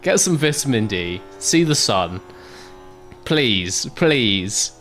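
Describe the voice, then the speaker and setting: A man's voice: mid-range voice, big pitch swings, takes it slowly, fairly bright tone, faint music behind. A British man streaming a game, chatting casually with viewers, laughing often. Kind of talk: casual livestream chat.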